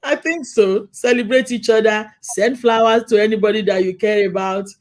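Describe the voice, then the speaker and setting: A middle-aged woman hosting a casual chat, telling stories in a lively way, acting out quoted lines and laughing often. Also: medium pitch, moderate pace. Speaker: host.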